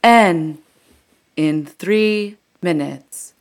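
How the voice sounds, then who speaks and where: Woman imitating a transit announcer, robotic, measured, clipped, low voice. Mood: deadpan. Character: flat automated female transit announcer.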